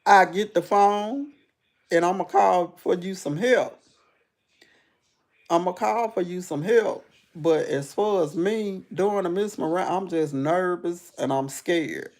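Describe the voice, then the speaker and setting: A woman with a gravelly, creaky voice chats on her live stream. Her talk is rambling and repetitive and sprinkled with "baby" and "honey". She sinks into a low, subdued murmur, then bursts up high and loud as she retells what happened, laughing along the way. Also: takes it slowly. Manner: laughs while telling the story. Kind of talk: casual live stream storytelling.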